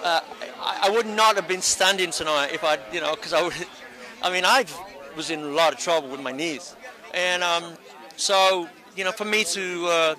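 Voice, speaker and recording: A man's voice: sits high, moderate pace, bright, forceful tone, poor audio. A man in his sixties answering an interviewer at an outdoor event, rambling and earnest with many restarts. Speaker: interviewee, honoree. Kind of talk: red carpet interview. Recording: busy crowd around outdoor event.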